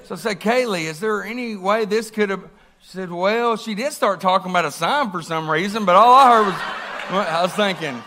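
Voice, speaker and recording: A man's voice: sits high, normal speed, sharp tone, slight background noise. A man, preaching a sermon and telling a story, acting out the quotes with big swings in voice. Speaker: pastor.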